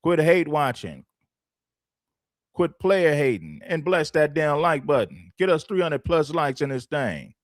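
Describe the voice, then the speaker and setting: A man's voice: a little high, sing-song, unhurried, dry recording, clean studio sound. A man hosting a livestream, giving blunt, preachy opinions and repeating phrases for emphasis. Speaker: livestream host.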